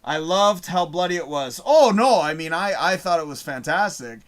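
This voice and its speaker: A man's voice: a little high, lively intonation, normal speed. A man hosting a live show, reading out chat messages in a casual, rambling way, swearing often and losing his train of thought.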